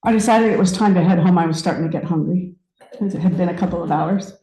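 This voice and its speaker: A woman in her fifties giving a personal story sermon, conversational and reflective, with pauses and restarts. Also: fairly low pitch, warm tone, reverberant, poor audio. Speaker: speaker at a spiritual center.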